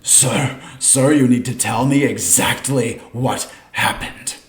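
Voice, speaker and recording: A man voicing a suspicious poncho-clad male guard who questions people in a low, hushed, probing way. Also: slow, reverberant, natural voice. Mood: urgent.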